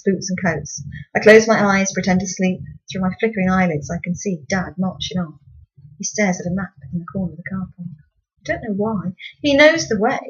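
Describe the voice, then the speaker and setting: A woman's voice: lowish voice, lo-fi sound. Woman reading her novel, wry. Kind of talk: first-person storybook narration.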